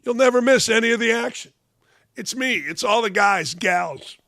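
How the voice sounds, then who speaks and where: Blunt, gravelly older man ranting. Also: very high-pitched, expressive, normal speed, pushed and bright, no echo, clean studio sound. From Northwest Indiana. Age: 60s. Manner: blunt, combative, profane. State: slightly under the weather. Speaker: host. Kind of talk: opinionated sports commentary.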